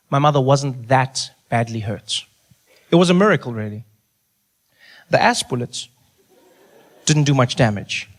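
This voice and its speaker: A man telling a story on stage as a stand-up comedian, animated and acting out voices. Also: mid-range voice. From South Africa.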